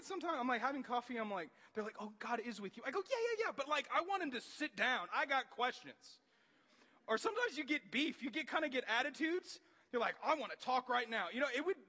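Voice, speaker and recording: A man in his thirties preaching a sermon, animated and jokey, often rising into loud excited outbursts. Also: mid-range voice. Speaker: pastor. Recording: long hall reverb.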